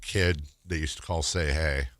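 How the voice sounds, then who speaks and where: A man's voice: extremely low pitch, steady tone, fairly bright tone, no room sound, studio quality. A man hosting a sports radio show, riffing playfully through casual banter. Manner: playful, riffing, quick to laugh.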